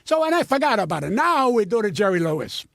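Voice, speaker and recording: A man's voice: sits high, very animated, fast talker, gravelly, a bit bright, no room sound, studio quality. An older man, a comedian guest, telling stories in an indignant, profane, stammering rant. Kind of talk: ranting storytelling.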